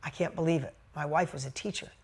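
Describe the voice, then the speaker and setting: A woman speaking as an earnest older man client, sheepish, in a plain and slightly lowered voice. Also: steady tone, fast, vocal fry, a little mellow, slightly rough, exaggerated voice. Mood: amazed.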